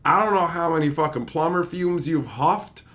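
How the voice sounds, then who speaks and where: Speaking at a moderate pace, this channel host, a man with a slightly raised pitch, wanders through a loose, profanity-laced anecdote. He comes across as sleep-deprived yet lively, with frequent asides punctuated by laughter.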